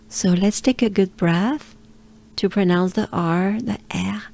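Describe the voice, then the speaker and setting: French lady teaching pronunciation, slow and encouraging, drags out the sounds. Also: mid-range voice, gravelly, a little mellow. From France. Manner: encouraging, drawn-out demonstration sounds. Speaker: pronunciation coach. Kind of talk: pronunciation lesson.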